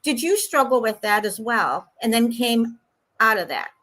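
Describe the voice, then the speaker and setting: Bright-voiced woman talk show host. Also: on the high side, lively intonation, moderate pace, poor audio. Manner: affirming, rambling, many "you know"s. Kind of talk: casual interview talk.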